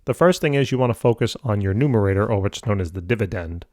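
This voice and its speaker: A man's voice: on the low side, expressive, fast, a little mellow, dry recording. Casual man explaining math, dry sound. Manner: casual, upbeat explaining with playful asides. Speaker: math tutor. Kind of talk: step-by-step math lesson.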